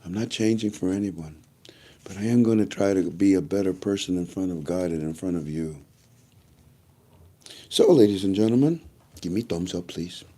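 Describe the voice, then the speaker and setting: A man's voice: low voice, moderate pace, long pauses, dark tone. A man vlogging to his viewers in a casual, rambling monologue, repeating himself often and making chatty asides. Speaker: YouTube vlogger.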